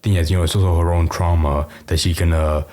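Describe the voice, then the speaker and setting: A hoarse British man co-hosting reaction commentary, blunt and casual with many fillers. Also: low-pitched, steady tone, quick pace, dark tone. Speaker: co-host.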